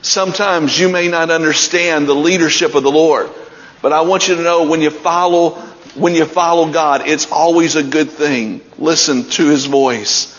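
A man's voice: fairly high pitch, fairly even intonation, moderate pace, fairly bright tone. A man preaching a sermon, retelling scripture stories with building intensity. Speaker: pastor. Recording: dull sound with long hall reverb.

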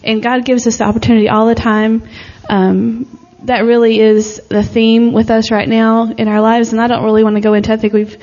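A woman's voice: fairly high pitch, flat delivery, a little fast, few pauses, a little mellow, highs cut off. A mother sharing a light, chatty testimony with her church, laughing easily. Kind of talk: casual testimony to a congregation. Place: church hall.

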